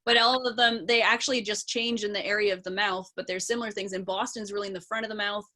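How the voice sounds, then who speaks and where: Bright-voiced woman explaining accents on a video call. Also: medium pitch, steady tone, fast. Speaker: actor and accent coach. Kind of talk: panel video chat.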